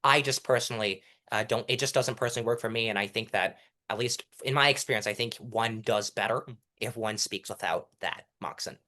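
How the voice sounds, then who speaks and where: A man's voice: fairly low pitch, brisk. A young man, a guest in a casual interview, talking animatedly and acting out delivery styles as he coaches. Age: young adult. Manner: animated, demonstrates delivery styles mid-sentence. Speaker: guest, mock trial competitor.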